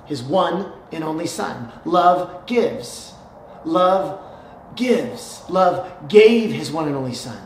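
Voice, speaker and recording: A man in his forties preaching a sermon in a church, animated and checking in with the congregation with a frequent "okay?". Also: a little high, takes it slowly, a little hiss or hum. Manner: animated, repeats "okay?" to the crowd. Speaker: pastor. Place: church hall. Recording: roomy church hall.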